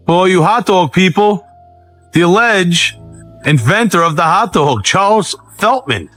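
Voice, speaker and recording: A man hosting, giving casual reaction commentary with wry, drawn-out quips. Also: high voice, expressive, a bit bright, faint music behind. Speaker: host.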